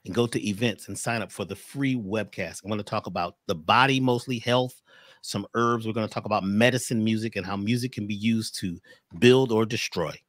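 A man's voice: on the low side, brisk, fairly bright tone, no room sound. A man speaking as a guest, telling a motivational story in a preachy, emphatic way.

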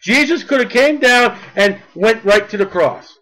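A man preaching a sermon with fervent delivery, building to near-shouts on his key points. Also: high voice, expressive, unhurried, rough recording.

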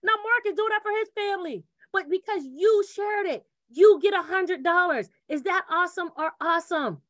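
A woman presenting a referral program in an energetic sales pitch, who acts out little dialogues and keeps repeating catchphrases. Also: moderate pace, no echo, clean studio sound.

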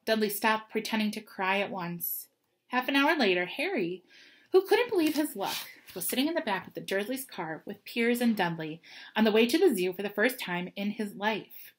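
A woman's voice: mid-range voice, animated, moderate pace. Woman reading a storybook aloud. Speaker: reader.

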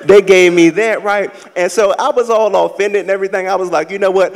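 A man from the American South doing a live stand-up set, with sassy, campy storytelling and loud acted-out asides. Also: sits high, lively intonation, fairly quick, hardly any pauses, big-room sound. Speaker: stand-up comedian. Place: large theater stage with a live audience.

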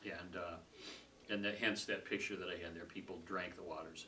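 A man leading a casual Bible study group, talking conversationally, laughing easily and trailing off softly. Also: deep voice, steady tone, moderate pace. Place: small room with a group. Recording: distant mic with faint room noise.

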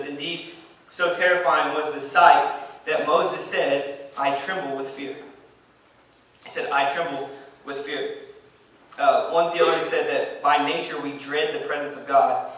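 Emphatic pastor, bright echoing voice. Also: male voice, on the high side, far from the mic. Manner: emphatic, repeats phrases, reads scripture aloud. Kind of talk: sermon. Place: church sanctuary.

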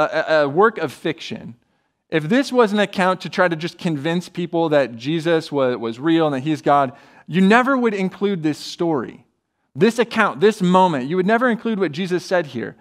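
A man's voice: a little high, moderate pace. A man preaching a sermon as a pastor, earnest and acting out quoted voices. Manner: earnest, builds to animated, acts out quoted voices.

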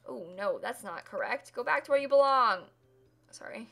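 A woman's voice: fairly high pitch, expressive, normal speed, creaky, fairly bright tone. A young woman live-streaming a game build, chatting casually and laughing often as she thanks viewers. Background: faint music and keyboard typing.

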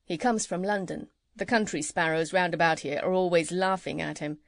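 A woman voicing a gentle, kindly male country doctor who chats fondly, in a lowered voice. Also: moderate pace, vocal fry, no room sound, studio quality. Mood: fond, chatty.

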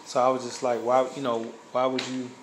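A man's voice: mid-range voice, completely flat delivery, brisk, slight background noise, poor audio. A man casually telling a personal story, rambling with many fillers and restarts. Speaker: guest sharing a testimony.

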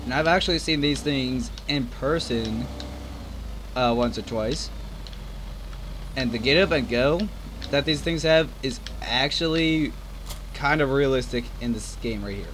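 A man's voice: medium pitch, a little slow, long pauses, noisy background. A man giving casual, rambling gameplay commentary as host of his own gaming channel, self-deprecating and chatty, over faint game sounds. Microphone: desk microphone. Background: farm game engine sounds.

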